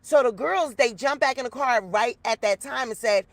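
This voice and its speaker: A woman's voice: fairly high pitch, normal speed, no room sound. A woman telling a story to her viewers in a casual, chatty way, recorded outdoors. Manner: chatty, animated storyteller addressing viewers as y'all. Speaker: YouTuber. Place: outdoors in the rain.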